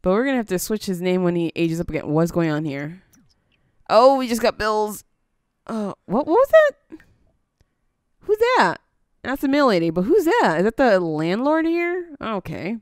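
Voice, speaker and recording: A woman's voice: mid-range voice, animated, moderate pace, clean tone, no echo, clean studio sound. A woman giving casual let's-play commentary, chatty and easily surprised, coaxing her game character along. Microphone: headphones on, desk mic.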